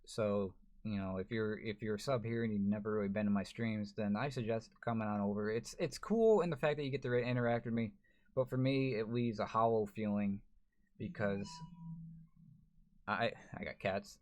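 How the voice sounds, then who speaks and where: A man's voice: on the low side, moderate pace, darkish tone. A man, a gaming YouTuber, talking to camera in a frustrated, rambling way, full of restarts. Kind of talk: emotional to-camera vlog.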